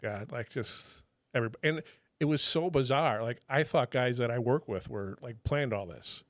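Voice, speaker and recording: A middle-aged man, a retired federal agent, tells stories in a casual, animated way, swearing freely and quoting people in their own voices. His voice sits in the mid range and moves at a moderate pace. The recording is dry and of studio quality.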